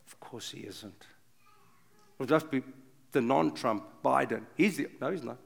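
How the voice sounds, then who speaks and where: An older man preaching an impassioned sermon, swinging from loud urgent bursts to hushed low passages. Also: expressive, moderate pace, gravelly. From South Africa. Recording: long reverb of a big hall.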